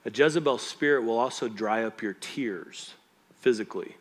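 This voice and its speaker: Pastor preaching in a conversational style. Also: male voice, medium pitch, normal speed. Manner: conversational and emphatic, often asks the congregation if they follow. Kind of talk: sermon. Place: church.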